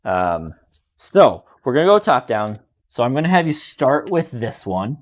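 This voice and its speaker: A man in casual banter over a tabletop wargame. He talks fast through rules and dice rolls, breaking into excited outbursts when a roll goes badly. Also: medium pitch. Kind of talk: casual battle report banter.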